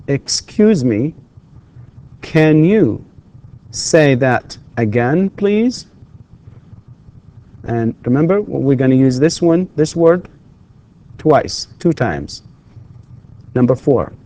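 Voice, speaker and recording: Medium in pitch and dark in tone, this is the voice of a man who lectures English at a university. In a recorded lesson he patiently goes over questions again for his students, and Arabic is his first language.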